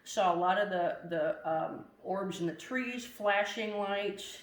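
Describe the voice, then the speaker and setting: Calm, hesitant testimonial speaker. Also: medium pitch, slow. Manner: hesitant, many fillers and restarts, calm. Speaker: camp visitor giving a testimonial. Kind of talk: casual testimonial. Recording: roomy echo, faint noise.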